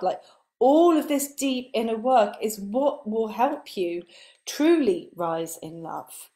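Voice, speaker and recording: A woman spiritual coach giving a live motivational talk, earnest, building her points in repeated lists and letting her voice sink soft and breathy on key words. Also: fairly high pitch.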